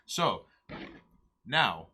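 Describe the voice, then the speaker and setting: Man, livestream co-host, bright voice, joking, rambling, crude banter. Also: medium pitch, very animated, very slow, a little hiss or hum. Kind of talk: casual livestream chat while painting.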